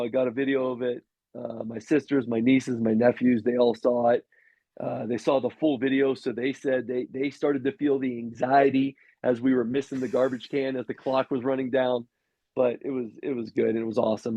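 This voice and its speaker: Gravelly former quarterback telling stories. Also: male voice, medium pitch, no room sound, dull audio. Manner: rambling anecdotes with many restarts and fillers. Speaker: former pro quarterback, podcast guest. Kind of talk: casual storytelling interview.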